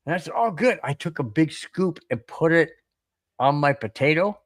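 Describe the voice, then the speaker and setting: A man co-hosting a casual sports podcast, telling animated stories, laughing often and stumbling over his words. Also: fairly high pitch, normal speed. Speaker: podcast co-host.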